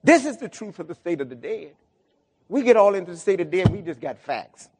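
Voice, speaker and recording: This middle-aged pastor's sermon is emotional and repetitive, climbing into exclamations. His voice sits high and sing-song, a little fast, darkish in tone with a breathy edge.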